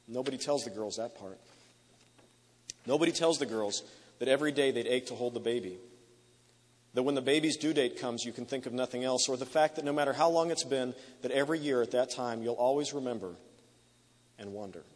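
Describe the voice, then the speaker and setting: A man's voice: medium pitch, a little fast. A man preaching a sermon to a large hall, telling the story with emotive repetition. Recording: long reverb of a large hall.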